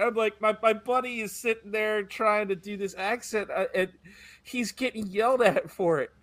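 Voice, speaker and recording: A married man on a casual podcast, excitedly retelling a funny exchange with a friend. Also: high-pitched, normal speed. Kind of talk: casual chat.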